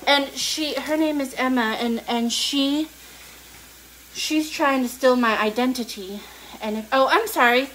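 A woman's voice: sits high, unhurried, fairly bright tone, slight background noise. A woman hosting a home cooking show, talking in a casual, playful, teasing way from her kitchen. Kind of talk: casual joking chat.

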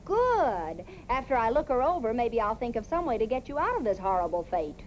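An actress playing a quick-witted young woman who teases her father in a sarcastic 1950s sitcom style. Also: fairly high pitch, big pitch swings, a little hiss or hum, rough recording. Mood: scheming. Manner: teasing, sarcastic. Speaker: daughter in a sitcom.

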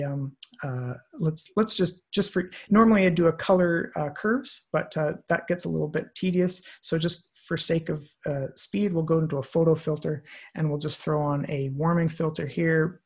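Man, gravelly voice, slightly husky, fairly high pitch, relaxed tutorial talk with lots of ums. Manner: relaxed, many fillers, thinking aloud. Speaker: photographer teaching compositing. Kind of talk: screen-share software tutorial. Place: online presentation, recorded at his computer.

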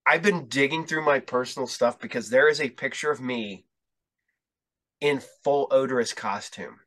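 A man's voice: medium pitch, normal speed, fairly bright tone. A male podcast host telling rambling, profane stories in casual chat, acting out the dialogue as he goes.

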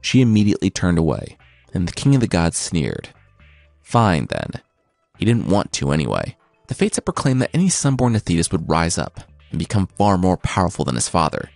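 A man narrating myths for a podcast with wry, deadpan asides. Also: low voice, a little fast, vocal fry, no room sound, soft background music. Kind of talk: comic mythology storytelling.

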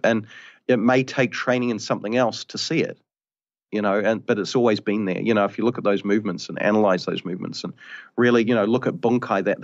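A karate instructor from New Zealand talks casually in a podcast interview, thoughtful and rambling, often saying "you know". His voice is lowish, and the highs are cut off.

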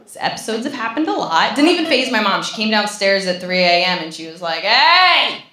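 A woman doing a stand-up comedy set, telling stories in a sarcastic, animated way with sudden loud outbursts. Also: medium pitch, fast talker. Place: comedy stage with a live audience. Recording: echoey live room with loud noise.

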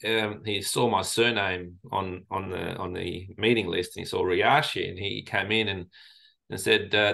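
A man's voice: sits low, steady tone, unhurried, vocal fry, sharp tone. A man from Lebanon, a guest in an interview, telling stories in a reflective way with many fillers and restarts. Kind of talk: casual interview storytelling.

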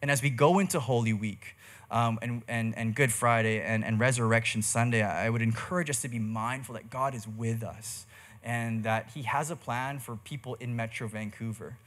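A man's voice: mid-range voice, steady tone, normal speed, a bit bright. A young man preaching a sermon in church, telling a personal story in a casual, chatty way full of slang and fillers. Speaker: pastor.

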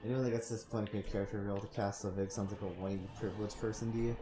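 Brief: streamer guy, low mellow voice, sarcastic banter, echoey room with faint noise. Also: flat delivery, very fast, few pauses. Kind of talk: casual gaming chat.

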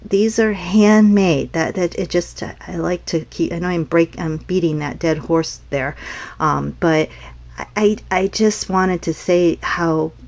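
A middle-aged woman with a low voice talks through a crafting show-and-tell. She rambles in a friendly, unscripted way, restarting sentences and filling gaps with ums. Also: steady tone, unhurried, creaky. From North Carolina, US. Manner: chatty, meandering, with frequent restarts and ums. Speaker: craft seller showing customer cards. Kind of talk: casual show-and-tell vlog.

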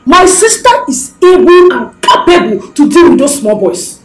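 Nollywood: quarrelsome Nigerian young wife, high and animated, scolding. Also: female voice, moderate pace, echoey room, faint music behind. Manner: combative, scolding. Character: pregnant young wife, quarrelsome and sharp-tongued. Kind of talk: Nollywood film acting.

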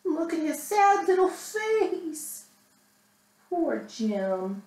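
A woman librarian reading a picture book aloud to children, animated and asking her listeners questions. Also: extremely high pitch, extremely slow. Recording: roomy, mic at a distance.

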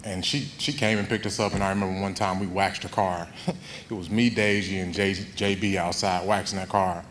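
A young man speaking at a memorial in a high school gym, telling heartfelt stories and acting out quoted voices. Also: little pitch movement, fairly quick, a bit bright, slight background noise. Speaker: eulogy speaker. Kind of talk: memorial speech.

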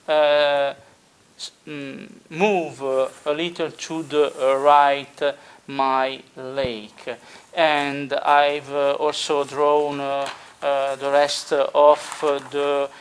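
Slow, hesitant man explaining a hobby build. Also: a little high, level tone, clean tone. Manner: slow and deliberate, many filler pauses. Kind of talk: unscripted tutorial narration.

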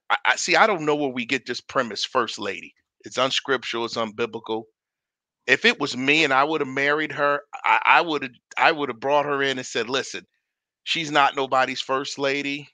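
A male co-host with a bright, forceful tone and a mid-range voice. He speaks earnestly and in a measured way, often adding short agreements. The recording is dry and close. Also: mid-range voice, no echo. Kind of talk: casual discussion chat.

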